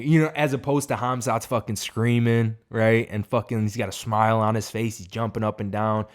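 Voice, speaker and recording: A man's voice: lowish voice, little pitch movement, normal speed, few pauses. A man giving a casual, profane fight reaction, rambling and emphatic. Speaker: MMA reaction host.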